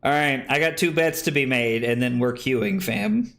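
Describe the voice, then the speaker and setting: A tipsy man streaming live, chatting loudly and jokily into a streaming mic, swearing and laughing often. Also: mid-range voice, moderate pace. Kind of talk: casual live-stream chat. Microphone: streaming microphone.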